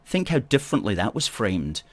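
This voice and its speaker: Male host, middle-aged, low-pitched, emphatic and repetitive political monologue. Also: very animated, moderate pace. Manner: emphatic, repeats key phrases, rhetorical "okay?". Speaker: campaign group host.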